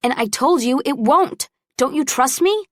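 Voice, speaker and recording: A woman's voice: sits high, expressive, measured pace, dry recording, clean studio sound, pitched above the performer's own voice. A woman voicing a pushy, upbeat young college woman who teases and meddles in an audiobook. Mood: teasing.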